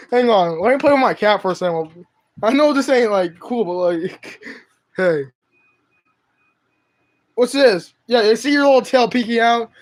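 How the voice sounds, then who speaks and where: A man's voice: very high voice, huge pitch swings, slow pace, pauses often. A young man live streaming from home on his phone, chatting to his cat in slangy, profane speech. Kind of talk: casual live stream chat.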